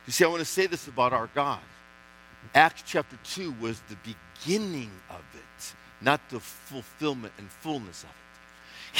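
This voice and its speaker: A man preaching a sermon as a guest speaker, with impassioned, emphatic delivery, repeating phrases and swinging between loud exclamations and hushed lines. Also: medium pitch, lively intonation, moderate pace, a little hiss or hum, poor audio.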